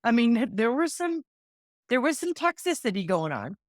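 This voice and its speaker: A woman's voice: a little high, very animated, moderate pace, no echo, clean studio sound. A woman in her fifties, a real estate agent, telling a personal story in an interview and acting out the conversations she remembers. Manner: heartfelt, acts out remembered dialogue.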